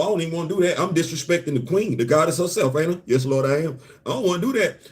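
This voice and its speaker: Animated man riffing on comics. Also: fairly high pitch, a little fast, hardly any pauses. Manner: conversational, rhetorical questions, repeats words when building a point. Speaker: host of a comics and culture live show. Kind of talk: casual solo commentary.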